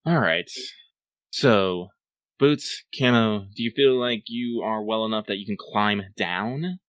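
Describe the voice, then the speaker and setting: A man's voice: on the low side, slow, a bit bright, no room sound. A man playing a tabletop game, giving orders to the group in a bossy, impatient way and swearing. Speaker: player. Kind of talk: casual tabletop play.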